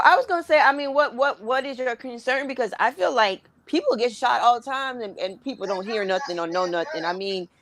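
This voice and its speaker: A woman's voice: on the high side, fairly bright tone, no room sound. An American woman co-hosting a casual podcast, chatting and laughing with many restarts. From United States. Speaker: podcast co-host. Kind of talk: casual chat. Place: living abroad, talking remotely.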